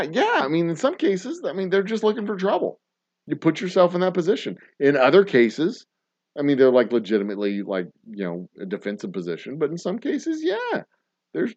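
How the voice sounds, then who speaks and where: A man's voice: high voice, sing-song, moderate pace, highs cut off. A man co-hosting a casual podcast chat over drinks, ranting with lots of profanity and laughter. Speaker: podcast co-host.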